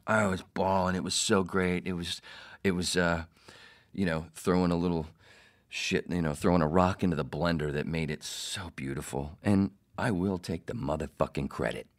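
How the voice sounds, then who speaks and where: Low-voiced man telling a profane story. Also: moderate pace. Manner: profane, animated, acts out quotes. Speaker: podcast host, former radio producer. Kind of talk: casual storytelling monologue.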